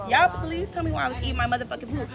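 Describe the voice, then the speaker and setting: A woman's voice: sits high, very fast, gravelly. A young woman, ranting heatedly and profanely to camera in a busy restaurant at night. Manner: heated, profane, calling out staff. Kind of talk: angry rant to camera. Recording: loud restaurant with music and crowd. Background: loud music and crowd chatter.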